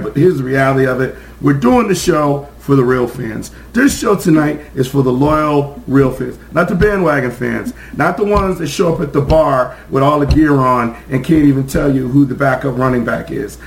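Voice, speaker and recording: A man hosting a sports podcast, hoarse from screaming, ranting in a fired-up, profane way with many fillers. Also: a little high, reverberant, slight background noise, poor audio. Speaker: podcast host.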